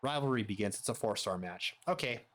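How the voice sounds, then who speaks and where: A man giving quick, offhand commentary as he plays a wrestling management game. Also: on the low side, lively intonation, a bit bright. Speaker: gaming streamer.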